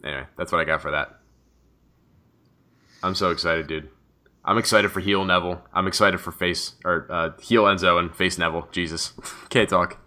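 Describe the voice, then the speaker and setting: Excitable low-voiced man, casual chat. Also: normal speed. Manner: excitable, rambling, swears freely. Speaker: podcast co-host. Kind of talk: casual chat about wrestling.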